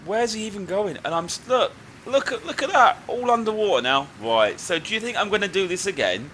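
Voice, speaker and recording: A man giving casual gameplay commentary as a video game YouTuber, getting loud and high when annoyed and calm when signing off. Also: fairly quick, slight background noise. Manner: excitable, raises his voice high when annoyed.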